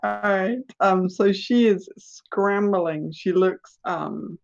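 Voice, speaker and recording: Slow unhurried game master, lots of ums, kinda muffled lo-fi audio. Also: mid-range voice, gravelly, faint music behind. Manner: hesitant, many ums and restarts. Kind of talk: narrating a tabletop game.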